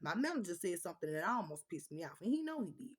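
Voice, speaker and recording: A woman's voice: lowish voice, quick pace, husky. Blunt, cussing woman ranting to viewers. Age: adult with children. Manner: blunt, profane, animated storytelling. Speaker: vlogger. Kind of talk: casual chat to viewers.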